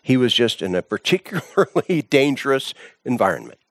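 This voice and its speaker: A man's voice: mid-range voice, very animated, moderate pace, a bit bright, no room sound, clean studio sound. A man preaching a sermon, telling a story with dramatic swings in his voice.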